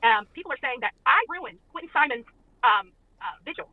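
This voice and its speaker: A woman's voice: high voice, animated, dry recording. Indignant woman venting over a phone line. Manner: indignant, emphatic, rapid venting. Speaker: guest on a stream. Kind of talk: casual chat over the phone. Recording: tinny phone line, faint hiss.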